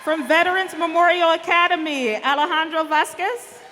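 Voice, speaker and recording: A woman announcing award winners at a school assembly, reading names slowly and calling each one up to the stage. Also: very high-pitched, noisy background. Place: large school hall or auditorium. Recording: reverberant hall, faint ambience.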